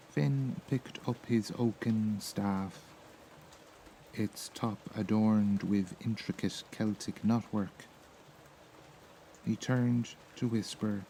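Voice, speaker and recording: A man with an Irish accent reading a sleep story in a soft, slow, soothing voice. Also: on the low side, a little hiss or hum, poor audio. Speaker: narrator.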